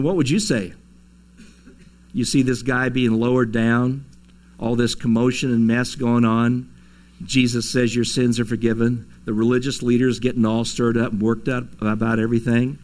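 Speaking in a medium-pitched, darkish voice, a pastor delivers a sermon to his congregation in a church sanctuary. He's conversational, lets out the odd chuckle, and acts out the lines he quotes.

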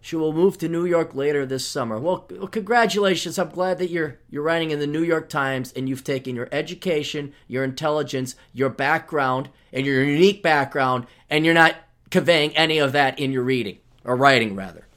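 Brisk and a bit bright, this podcast host mocks the article he is reading aloud. His sarcasm is sharp, and his voice leaps up whenever indignation hits.

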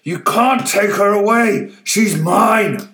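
A man voicing a crude, drunken old man who shouts and swears in a storybook reading. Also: a little high, animated, slow, exaggerated voice. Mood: furious. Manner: bellowing, swearing, slurred when waking.

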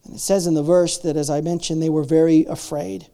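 A man preaching a sermon, swinging between loud, drawn-out preaching and quiet asides, acting out the people in the story. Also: a little high, fairly even intonation, creaky. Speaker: pastor.

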